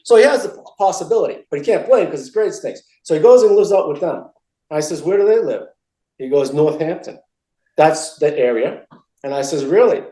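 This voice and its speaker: A man's voice: on the high side, expressive, brisk, mellow, reverberant, low-quality recording. A middle-aged man from Massachusetts telling stories in an interview, rambling and repeating himself with many restarts. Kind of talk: casual storytelling interview.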